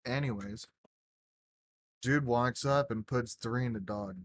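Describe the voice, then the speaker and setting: A man's voice: medium pitch, measured pace. A young man in casual chat, rambling through a story with lots of fillers and swearing. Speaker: gaming group member telling a story.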